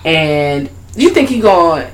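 Female co-host, low-pitched and highly expressive, profane and animated storyteller. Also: takes it slowly. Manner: profane, animated, slips into high-pitched character voices when retelling scenes. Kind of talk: casual movie recap chat.

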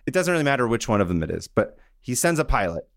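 A man co-hosting a podcast, telling a story in a casual, animated, joking way. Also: mid-range voice, quick pace. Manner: animated, joking, drops into voices. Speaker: podcast co-host.

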